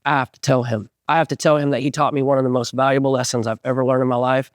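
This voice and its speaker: A man in his forties, a band singer, telling stories in an animated way as an interview guest and acting out the voices of people he quotes. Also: mid-range voice, racing, no room sound. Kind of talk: casual storytelling interview.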